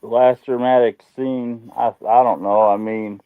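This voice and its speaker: A man co-hosting a wrestling podcast, giving his take in a casual, halting way. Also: mid-range voice, fairly even intonation, clear, resonant tone, no room sound, narrow, tinny audio. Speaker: podcast co-host. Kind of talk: casual chat.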